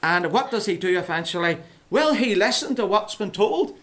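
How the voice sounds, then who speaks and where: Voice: medium pitch, moderate pace. Playful storyteller for children. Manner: playful, animated, keeps asking the children questions. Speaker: preacher telling a story to children. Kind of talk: children's Bible story talk.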